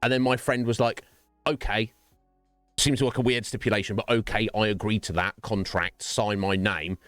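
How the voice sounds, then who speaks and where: A man's voice: lowish voice, steady tone, fairly quick, fairly bright tone, smooth, dry recording, soft background music. A man streaming a game, chatting casually in a rambling way and laughing often. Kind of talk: casual livestream chat.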